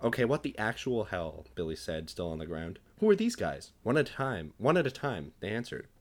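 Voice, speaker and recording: A man's voice: on the low side, very animated, brisk. A young man, a podcast co-host, reading his comedic fan fiction aloud, acting out the dialogue and laughing at his own jokes.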